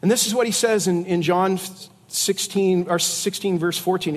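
A man's voice: high voice, moderate pace, in a large hall. A middle-aged man preaching a sermon in a conversational way, with jokes and asides. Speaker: pastor.

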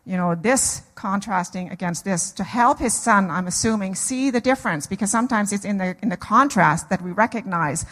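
A woman's voice: medium pitch, normal speed, hardly any pauses, fairly bright tone. Woman teaching in a reverberant church hall. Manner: earnest, conversational with frequent restarts. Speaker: Bible teacher.

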